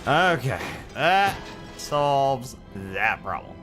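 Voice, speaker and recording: A man streaming a game live, muttering to himself with frustrated sighs and sudden loud outbursts. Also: mid-range voice, big pitch swings, extremely slow, music in the background. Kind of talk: live gameplay commentary.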